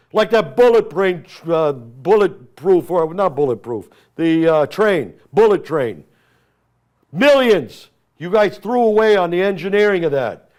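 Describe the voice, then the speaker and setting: Hosting his own talk show, this middle-aged Armenian American congressional candidate launches into a fiery, emphatic political monologue, calling out his opponents directly. His voice is high-pitched.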